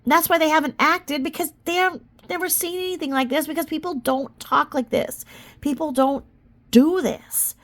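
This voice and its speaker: A young woman reading a legal filing aloud, then breaking off into incredulous, animated reactions. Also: high-pitched, normal speed. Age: young adult. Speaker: commentary vlogger.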